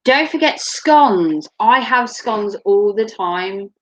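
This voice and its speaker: A woman's voice: mid-range voice, expressive, slow pace, fairly bright tone. A woman from Norfolk with a slight Norfolk accent, chatting casually as a vlogger, laughing and swearing freely. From Norfolk, England. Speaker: vlogger, mother. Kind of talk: casual chat. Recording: dull lo-fi home recording.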